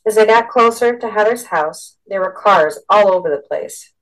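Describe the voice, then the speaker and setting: A woman reading a story aloud in a steady, expressive narration. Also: mid-range voice, normal speed, rough recording.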